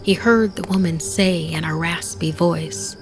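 A woman hosting a podcast, narrating a spooky tale in a scripted, hushed manner that often drops to a whisper. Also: on the low side, a little slow. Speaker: podcast host and storyteller. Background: music bed.

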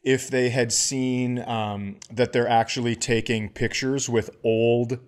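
A podcast co-host, male, spins a comic anecdote in an easy, chatty voice. He jumps into other people's voices mid-sentence, pitching up for the quotes, then drops back to his plain telling. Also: slow, clean tone. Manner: animated storyteller acting out quoted people. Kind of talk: casual comedic storytelling.

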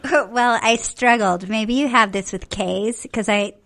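A woman's voice: fairly high pitch, unhurried. Chatty middle-aged woman co-host. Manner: chatty, animated storytelling with laughs. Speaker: podcast co-host. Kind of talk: casual chat.

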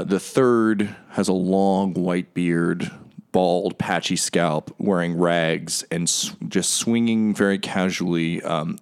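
A man's voice: sits low, creaky, clean tone. A man narrating as game master of a tabletop game, describing scenes with frequent ums.

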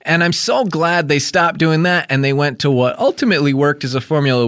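Pria Amerika santai, bercerita bertele-tele sambil bercanda, suara kering dan dekat mikrofon. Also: male voice, on the high side, expressive, fairly quick, hardly any pauses, a bit bright, no room sound, clean studio sound. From United States. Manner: rambling, joking, acts out impressions. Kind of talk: casual comedic chat.

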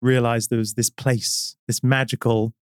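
A man with a British accent, a business guest telling stories in a relaxed interview, thoughtful and full of small pauses. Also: medium pitch, clear, resonant tone, dry recording, clean studio sound. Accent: British English. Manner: measured, reflective storytelling with many fillers. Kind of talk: casual interview chat.

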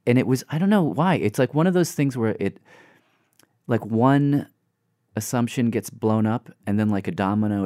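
A man's voice: fairly low pitch, dark tone, no echo, studio quality. A man from Nashville talking as an interview guest, earnest and musing, with lots of fillers. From Nashville, Tennessee, US. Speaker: interview guest, series creator. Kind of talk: reflective conversational interview.

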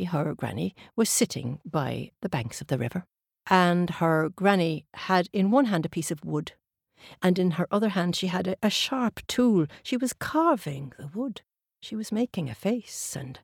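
Deep, husky woman storyteller, dry close sound, for a kids' myth. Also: dry recording. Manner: slow, dramatic pauses. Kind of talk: oral storytelling for children.

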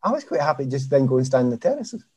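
A middle-aged man with a Glaswegian accent and a husky, mellow voice. He chats casually on a podcast, spinning lively stories about his career and laughing at his own jokes. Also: medium pitch, rapid-fire. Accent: Glaswegian Scottish. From Scotland. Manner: lively anecdotal storyteller who laughs at himself. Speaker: guest, former footballer.

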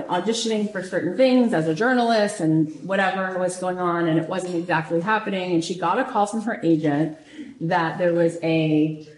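A woman hosting a show, retelling a story in a lively, casual way, repeating phrases and often saying "like". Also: fairly low pitch, slight background noise. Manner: animated, repeats phrases, frequent "like". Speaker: podcast host. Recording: roomy echo.

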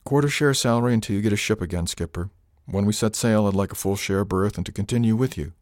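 A man's voice: on the low side, fast talker, a little mellow, no room sound, studio quality, close to an everyday voice. A man voicing an eager, loyal young woman crew member, earnest and determined, in an audiobook.

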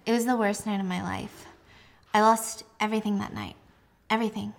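A woman voicing a traumatized young woman patient, crying as she haltingly tells her story. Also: mid-range voice, steady tone, creaky, lightly acted. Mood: distraught. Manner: halting, emotional retelling.

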